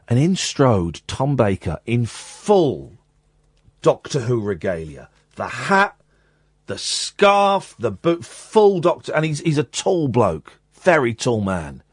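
A man in his forties hosts a radio show, telling a rambling story with an animated, swooping delivery. His voice is slightly husky. It is recorded on a dry studio mic. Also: mid-range voice, measured pace, dry recording. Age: 40s. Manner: animated, rambling, self-interrupting. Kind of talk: casual on-air storytelling. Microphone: studio microphone.

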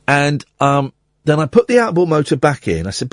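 A middle-aged man hosting a radio show, telling an anecdote with lively acted-out quotes. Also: on the high side, moderate pace, no room sound, clean studio sound. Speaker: radio host.

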